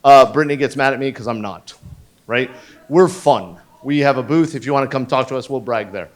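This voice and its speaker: A man's voice: medium pitch, a little fast. A man in his fifties giving a conference talk from a stage, blunt, profane and joking. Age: 50s. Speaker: conference speaker.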